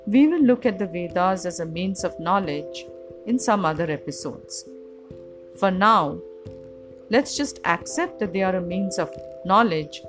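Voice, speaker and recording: A woman giving a calm, measured philosophical lecture on the self, setting out examples one by one. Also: mid-range voice. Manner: measured, reflective, lists examples deliberately. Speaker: spiritual teacher. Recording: music playing behind.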